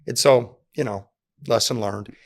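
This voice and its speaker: A man's voice: medium pitch, a little slow. A man reflectively telling a personal story in casual conversation, owning his mistakes. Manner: reflective, self-critical storyteller.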